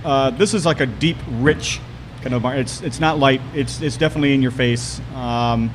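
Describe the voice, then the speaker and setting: A man co-hosting a casual podcast chat, relaxed and descriptive, with some teasing. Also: mid-range voice, normal speed, slight background noise. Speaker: podcast co-host.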